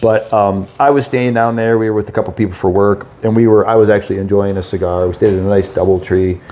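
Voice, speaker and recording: A man co-hosting a casual podcast, telling a funny story with lively acted-out quotes. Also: on the low side, fast, a little hiss or hum. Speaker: podcast co-host.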